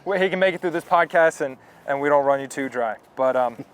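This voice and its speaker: A young man hosting a podcast with a fairly high voice and a rapid, upbeat pace. He keeps the interview moving with short, encouraging replies. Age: young adult. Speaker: student host.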